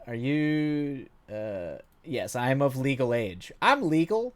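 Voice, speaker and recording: A man's voice: medium pitch, big pitch swings, slow. Rambling man chatting on a game stream. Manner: rambling and self-deprecating, many fillers, hums idly. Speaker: livestream gamer. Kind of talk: casual chat with viewers while gaming. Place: at home at night.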